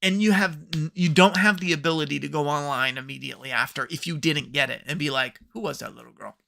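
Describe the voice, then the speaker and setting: Brief: male reviewer, sarcastic and profane, slightly high, gravelly. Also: steady tone, quick pace, bright, forceful tone. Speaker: podcast host. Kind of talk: ranting TV review.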